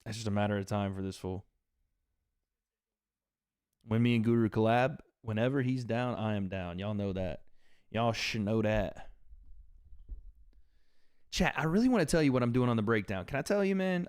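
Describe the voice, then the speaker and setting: A man's voice: fairly low pitch, moderate pace, pauses often, darkish tone, smooth, no echo, studio quality. A man hosting a livestream watch party, giving casual, profane commentary on a fight and bantering with his chat. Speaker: livestream host.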